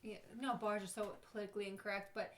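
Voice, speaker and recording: A woman's voice: mid-range voice, flat delivery, fast talker, echoey room, a crowd in the background. Chatty woman telling bar stories. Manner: chatty storyteller. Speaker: bartender guest. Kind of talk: casual podcast chat.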